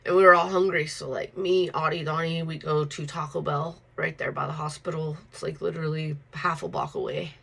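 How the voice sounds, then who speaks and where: A woman's voice: sits low, level tone, brisk, creaky, few pauses, fairly bright tone, husky, rough recording. A woman telling a personal story in a casual, rambling way, full of fillers and blunt swearing.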